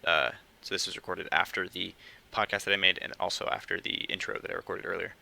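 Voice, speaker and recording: A young man hosting his own casual podcast, talking quietly and hesitantly at home late at night, with many fillers. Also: deep voice, steady tone, fast talker, creaky, low-quality recording. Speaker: podcast host. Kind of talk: casual solo podcast talk.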